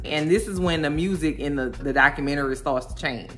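Sassy woman vlogger, lowish voice. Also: brisk, hardly any pauses, soft background music. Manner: animated, sassy, talks straight to viewers. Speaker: video host reacting to a documentary. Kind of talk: casual commentary vlog.

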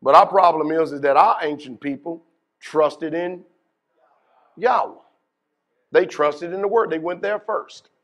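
A man preaching a sermon as pastor, putting questions to his congregation and moving between hushed asides and loud, emphatic bursts. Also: fairly high pitch, a little slow, pauses often. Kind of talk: deliverance workshop sermon.

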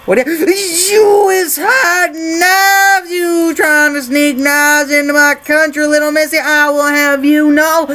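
A gamer putting on a Texan accent to play a loud, swaggering male border guard in a video game playthrough. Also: sits high, steady tone, takes it slowly, few pauses, slight background noise, pitched above the performer's own voice, full character voice. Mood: bossy. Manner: drawling, bossy, shouty. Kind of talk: let's-play commentary with put-on voices.

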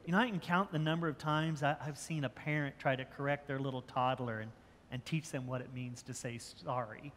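A man's voice: mid-range voice, fairly even intonation, a little fast, fairly bright tone, slight background noise. Older man preaching in an echoing church. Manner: conversational preaching with repeated restarts. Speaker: pastor. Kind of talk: sermon. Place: church sanctuary. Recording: church hall with long reverb.

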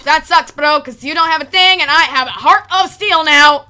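High bright young woman gaming. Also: moderate pace. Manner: chatty, jokey, talks to game characters. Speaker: gaming YouTuber. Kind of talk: let's play commentary.

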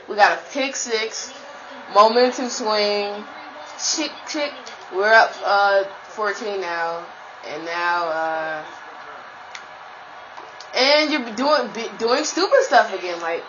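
A woman giving live commentary while playing a football video game, trash-talking her opponent and breaking into sudden high shouts. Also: lo-fi sound, a little hiss or hum.

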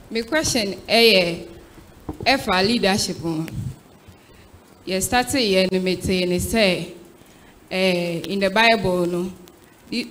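A woman's voice: medium pitch, a bit bright, slight background noise, rough recording. A woman with a Ghanaian accent asking a church leader a question, hesitant and restarting words. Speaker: seminar attendee asking a question.

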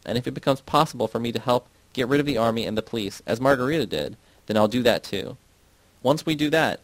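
A man's voice: medium pitch, no room sound, close to an everyday voice, low-quality recording. A man reading the part of an earnest male worker who argues his case defensively.

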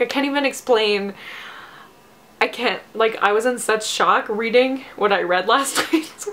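A woman's voice: medium pitch, fairly bright tone. Girl in her 20s rambling about books, tired, lots of likes and little laughs. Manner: chatty, rambling, many "like" fillers; laughs often. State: tired, low energy. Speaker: book vlogger. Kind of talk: casual chat.

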